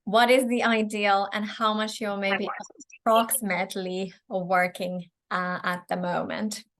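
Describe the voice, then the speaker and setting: A woman's voice: mid-range voice, little pitch movement, a little slow, a bit bright. A woman business coach running a live online mentoring session, talking in a friendly, loose way with frequent hesitations and restarts, her voice tiring after a long stretch. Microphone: video call microphone.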